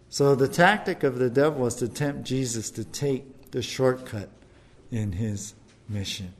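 A man preaching a sermon in an animated, conversational way, often checking in with tag questions. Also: medium pitch, measured pace.

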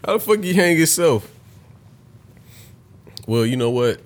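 A young man in casual podcast chat, telling stories full of swearing and breaking into loud laughter. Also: on the high side, sing-song, measured pace. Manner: profane storytelling, bursts into loud laughter.

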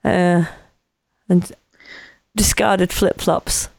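A woman's voice: lowish voice, steady tone, drawn-out words, creaky, darkish tone, dry recording. A woman chatting casually as a podcast co-host, dropping wry jokes and laughing often. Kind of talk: casual chat.

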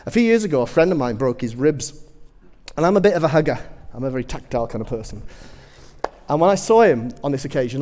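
Lively man preaching in a hall. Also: fairly high pitch, fast. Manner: animated, humorous storytelling, self-deprecating asides. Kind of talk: sermon with personal stories.

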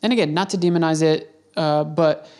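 A man's voice: a little high, fairly even intonation, a little fast, a little mellow. A man hosting a podcast, telling a travel story in a casual, rambling way and often correcting himself. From United States. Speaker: podcast host.

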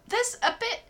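A young woman co-hosting a podcast in casual chat, often breaking into giggles. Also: bright, forceful tone. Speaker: podcast co-host.

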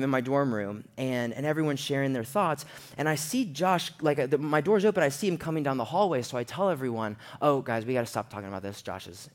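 Man telling a story from the pulpit. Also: mid-range voice. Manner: animated storyteller, acts out quotes in a raised voice. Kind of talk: storytelling sermon.

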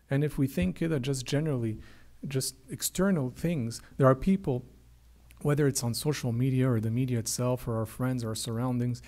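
A priest delivers a sermon in a warm, medium-pitched voice, speaking with earnest emphasis. He often repeats his words and raises his voice for quoted prayers.

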